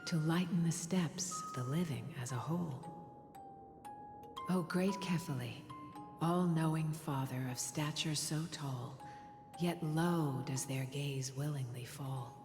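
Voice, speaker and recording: An actress voicing a gentle motherly woman reciting an old creation tale in a game, soft and whispery. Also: very deep voice. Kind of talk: game cutscene dialogue. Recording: roomy with long reverb, loud game music.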